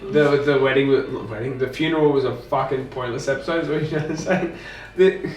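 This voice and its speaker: A man's voice: medium pitch, brisk, far from the mic. An Australian man co-hosting a podcast, chatting and swearing in casual banter about a show. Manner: swearing, animated, laughing, mocking voices. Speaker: podcast co-host. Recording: roomy room heard from off mic, faint music.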